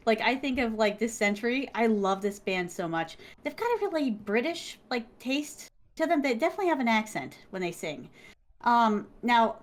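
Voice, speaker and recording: A woman with a fairly high voice gushes about her own story as a guest on a stream. She talks in an animated, eager rush, full of fillers and asides. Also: moderate pace. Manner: animated, gushing, many fillers. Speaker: guest, content creator.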